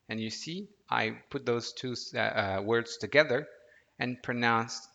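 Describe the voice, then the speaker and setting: A man teaching an audio language lesson, patient and deliberate, prompting the listener to repeat words aloud. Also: medium pitch, gravelly, bright, forceful tone. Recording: dull lo-fi audio with long reverb.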